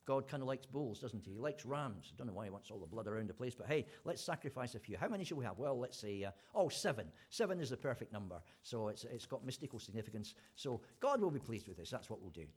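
A man's voice: medium pitch, animated, fast talker, few pauses, slightly rough. A man preaching an informal sermon, retelling a story in a chatty way with fillers and restarts.

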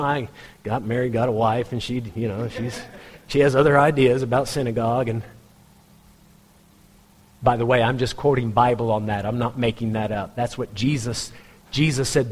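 A man preaching a sermon in a conversational, pointed way, jumping into a higher voice when he imitates people in the pews. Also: big-room sound. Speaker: pastor.

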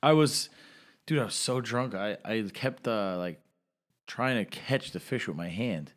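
A young man co-hosting a podcast, telling a drunken story in casual, profane chat and loudly acting out the people he quotes. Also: lowish voice, expressive, unhurried. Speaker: podcast co-host.

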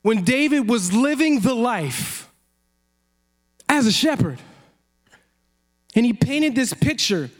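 A high-voiced man preaching a sermon. He is animated and lively, slipping into acted-out quotes and laughing along the way. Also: slow pace, long pauses. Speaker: pastor.

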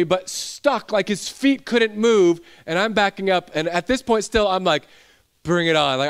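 A young man delivers a sermon as a pastor, weaving a personal story into his message. His voice sits a little high for a man, and his preaching builds into intense, emphatic delivery. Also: smooth.

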